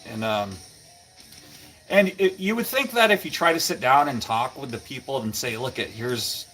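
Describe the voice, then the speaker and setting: A man's voice: mid-range voice, big pitch swings, moderate pace, a bit bright, faint music behind. Chatty man hosting a garage livestream. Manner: rambling, chatty, greets viewers by name. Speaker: livestream host. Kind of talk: casual live-stream chat with viewers.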